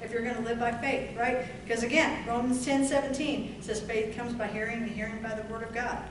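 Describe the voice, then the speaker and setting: A woman preacher delivering a fervent sermon, stretching out scripture lines with emphatic, drawn-out delivery. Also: a little high, level tone. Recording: echoey room from far off, noisy.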